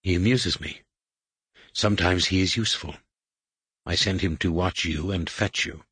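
A man reading an audiobook and voicing a majestic, menacing alien overlord who speaks in a hushed, whispered rumble, slow and commanding. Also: breathy edge, no echo, clean studio sound, heavily acted.

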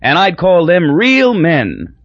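A man voicing a loud, drunk, blustering middle-aged man in an audiobook reading. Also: a little high, wildly swooping pitch, takes it slowly, dry recording, muffled recording, pitched above the performer's own voice, full character voice. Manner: blustering, emphatic.

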